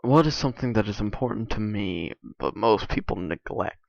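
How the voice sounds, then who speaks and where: A young man talks loosely over his game in a low, gravelly voice, halting often and leaning on fillers and restarts. The recording is dull and lo-fi, with a dry, close sound. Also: expressive, no echo. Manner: halting, filler-heavy, many restarts and likes. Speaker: video creator. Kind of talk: casual rambling commentary over gameplay.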